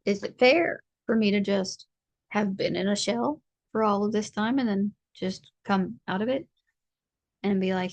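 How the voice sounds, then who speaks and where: A woman's voice: medium pitch, fairly even intonation, measured pace, creaky, darkish tone, dry recording. A woman giving a casual collective tarot reading, chatty and rambling, with a playful streak. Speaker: tarot reader.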